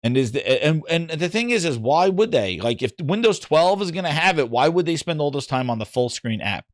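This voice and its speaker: Animated, exasperated male podcast host. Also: fairly high pitch, fairly quick, dry recording, clean studio sound. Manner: animated, rambling, exasperated, with frequent restarts. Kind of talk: casual ranting chat.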